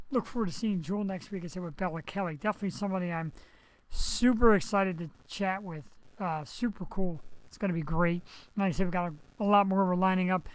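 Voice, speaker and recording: Poor audio captures a high-pitched man hosting a live web show from his home streaming setup over a headset mic. He is recovering from surgery and rambles casually, tossing in jokey asides.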